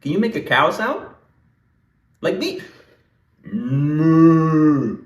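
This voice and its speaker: A man hosting a playful kids' lesson, his pitch leaping all over in a singsong, animated way. He speaks slowly and deliberately for little listeners. The voice sits back from the mic in an echoey room. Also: far from the mic, highs cut off. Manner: animated, singsong, talks straight to young kids. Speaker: children's language teacher.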